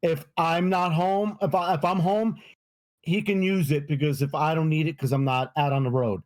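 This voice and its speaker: High-voiced ranting man. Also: normal speed. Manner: profane, ranting, animated. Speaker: podcast co-host. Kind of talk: casual sports chat.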